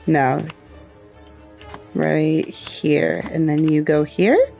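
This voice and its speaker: Woman streamer, casual thinking-aloud commentary, slow and lively-voiced, swears. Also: low-pitched, creaky, soft background music. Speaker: livestreamer.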